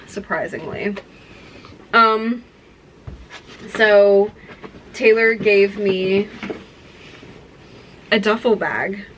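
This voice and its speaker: Bright-voiced young woman gushing to camera. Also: mid-range voice, slight background noise, low-quality recording. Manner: gushing, excited and rambling. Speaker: vlogger. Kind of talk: casual chat to camera.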